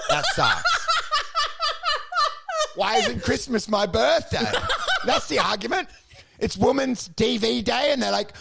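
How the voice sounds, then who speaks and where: A man's voice: high-pitched, vocal fry, fairly bright tone, no echo. A man co-hosting a comedy podcast, ranting and swearing in casual banter, mimicking people in exaggerated voices.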